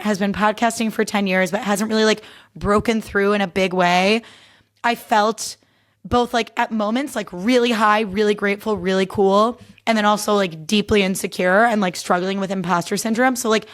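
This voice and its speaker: A young adult woman hosts her own podcast, giving a casual solo recap. Her voice is medium in pitch with a steady tone and a moderate pace. She's chatty and candid, leaning heavily on the word "like."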